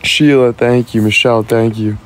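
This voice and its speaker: A man's voice: mid-range voice, steady tone. A man chatting live with his viewers, teasing and joking, laughing often and thanking people by name. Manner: teasing, playful, quick to laugh. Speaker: live streamer. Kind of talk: casual live-stream chat with viewers.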